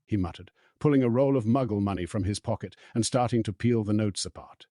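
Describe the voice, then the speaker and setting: A man reading an audiobook aloud in a steady storytelling manner. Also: on the low side, a little fast, hardly any pauses, no echo, clean studio sound. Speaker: audiobook narrator. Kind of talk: audiobook narration.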